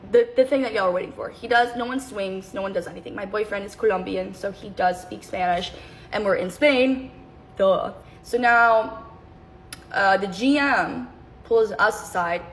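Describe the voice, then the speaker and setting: A woman's voice: medium pitch, normal speed, a little hiss or hum, rough recording. A young adult woman telling a personal story in a casual storytime, rambling and cutting herself off to jump between tangents. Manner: rambling, self-interrupting, jumps between tangents.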